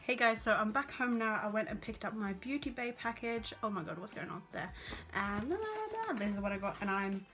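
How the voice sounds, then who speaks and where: A woman's voice: medium pitch, a little fast, hardly any pauses. A young woman vlogging casually, gushing and exclaiming as she unboxes makeup. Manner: excitable, gushing, lots of exclamations. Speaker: beauty vlogger. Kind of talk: casual vlog chat. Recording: music playing under the voice.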